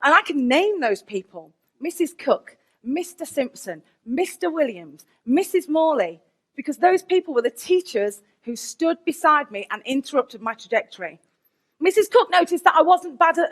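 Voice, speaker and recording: A woman, a teacher giving a candid, lively conference keynote with asides to the audience. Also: sits high, normal speed. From England, Nottingham.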